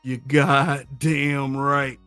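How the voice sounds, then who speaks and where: A man's voice: mid-range voice, flat delivery, very slow, fairly bright tone, clean tone, dry recording, soft background music. A middle-aged man from the American South with a Southern accent, hosting a livestream and talking bluntly and profanely in casual commentary, laughing often and answering his chat. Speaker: livestream host.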